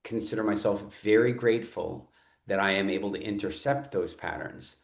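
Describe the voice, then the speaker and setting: Low-voiced man hosting a podcast, roomy sound. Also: normal speed, creaky. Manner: earnest, animated storyteller with frequent restarts. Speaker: podcast host. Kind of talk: conversational interview storytelling. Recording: roomy echo.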